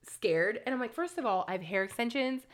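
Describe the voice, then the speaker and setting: A woman co-hosting a podcast, chatting casually and telling stories in an animated way with lots of fillers. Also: on the high side. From Italian-American. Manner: animated, quick storytelling with many fillers. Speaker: podcast co-host. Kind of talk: casual chat.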